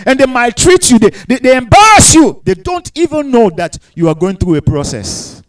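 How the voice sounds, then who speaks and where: Man preaching, high voice, very animated, call-and-response, quiet then shouting. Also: normal speed, low-quality recording. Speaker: pastor. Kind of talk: sermon.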